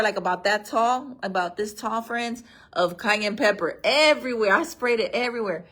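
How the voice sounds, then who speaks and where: A woman's voice: medium pitch, normal speed, fairly bright tone. A woman chatting casually on a livestream, telling a story and calling her viewers friends. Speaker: vlog host. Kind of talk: casual livestream chat reading comments.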